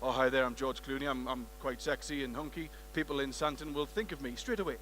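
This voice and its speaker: A man putting on the voice of a suave, weary male film star, speaking low and hushed in a languid way. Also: fast, slight background noise, lightly acted. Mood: smug. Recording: reverberant conference hall.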